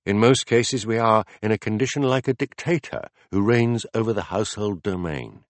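Man playing a patient male philosopher, low voice, measured and deliberate, audiobook dialogue, dry close recording. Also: no echo, lightly acted. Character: calm, patient male teacher explaining ideas.

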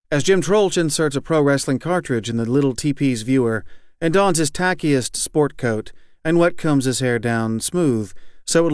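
A man reading literary fiction aloud as an audiobook narrator, measured and even. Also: medium pitch, smooth, dry recording, clean studio sound. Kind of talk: scripted narration.

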